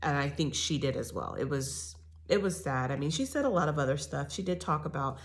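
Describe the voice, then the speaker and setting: Woman host, deep voice, casual gossip recap, rambles with fillers. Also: big pitch swings, brisk. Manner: chatty, opinionated, with many fillers and restarts.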